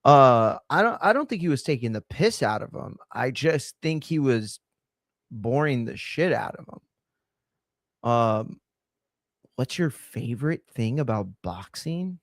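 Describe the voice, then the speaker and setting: A man's voice: medium pitch, very animated, unhurried, dry recording, clean studio sound. A man hosting a reaction commentary show, sarcastic and profane as he reacts to clips. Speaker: host.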